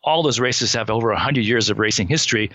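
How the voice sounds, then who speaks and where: A man co-hosting a cycling podcast, who talks in a relaxed, wry and opinionated way. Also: lowish voice, fast, no room sound. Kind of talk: casual chat.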